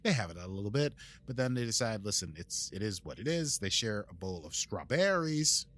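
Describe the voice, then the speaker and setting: A man's voice: on the low side, big pitch swings, brisk, a bit bright. An American man co-hosting a podcast, recapping an episode in a rambling, jokey way with many fillers and restarts. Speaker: podcast co-host.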